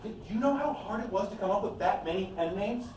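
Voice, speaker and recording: A man in a live improv scene, shifty and creepily calm, with a high voice that rises and falls widely. He is heard from afar in an echoey room over clear noise. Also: fast talker, recorded from a distance. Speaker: improv performer.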